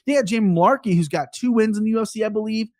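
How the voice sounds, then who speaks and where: A man talking as a betting analyst guest on a podcast, giving fight picks in a fast, talkative, self-mocking way. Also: high-pitched, darkish tone, dry recording, studio quality.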